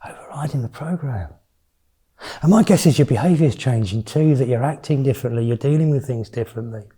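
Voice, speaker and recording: A man's voice: mid-range voice, fast talker, warm tone, slightly rough. A man in his fifties, a mindfulness teacher giving a candid, chatty retreat talk with blunt swearing. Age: 50s.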